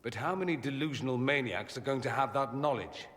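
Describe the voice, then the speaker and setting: A man's voice: medium pitch, brisk, fairly bright tone, natural voice. An actor playing a witty, flamboyant male mage companion in a video game, with wry, theatrical banter. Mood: musing. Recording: game audio with long reverb.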